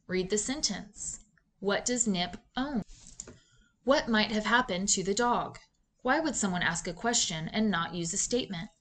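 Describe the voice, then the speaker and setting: Measured woman reading teacher. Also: mid-range voice. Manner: clear, measured teacher delivery with questions to students. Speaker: reading instructor. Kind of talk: scripted instructional narration.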